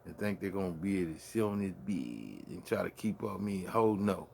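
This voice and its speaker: A man's voice: low-pitched, expressive, a little fast, vocal fry, darkish tone, a little hiss or hum. A man with a Brooklyn accent hosting a late-night solo rant from his man cave, full of boastful, profane trash talk. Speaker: host.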